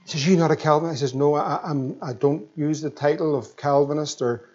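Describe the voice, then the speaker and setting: A high-voiced Northern Irish pastor in his thirties preaches with fervent energy, pressing his listeners with emphatic questions. The recording sounds a little muffled and dull. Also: fairly quick, hardly any pauses, a little mellow. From Northern Ireland. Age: 30s. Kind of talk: sermon.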